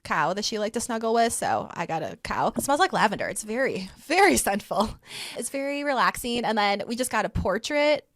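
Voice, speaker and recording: A young woman co-hosting a podcast in easy, rambling conversation, leaning on "like" between thoughts. Her voice sits slightly high, and the sound is close and dry with no room around it. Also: big pitch swings, brisk, a bit bright, dry recording. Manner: chatty, heavy use of "like". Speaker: podcast co-host. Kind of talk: casual chat.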